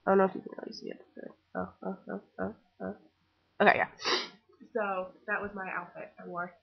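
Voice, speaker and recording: A teenage girl gushing about a movie in a casual webcam vlog, excitable and full of fangirl chatter. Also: medium pitch, fairly quick, gravelly, breathy edge, muffled recording. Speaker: vlogger.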